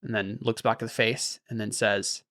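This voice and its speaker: A man's voice: on the low side, flat delivery, normal speed, bright, forceful tone, dry recording, clean studio sound. A man narrating as the game master of a tabletop game, in a loose, rambling way with many fillers.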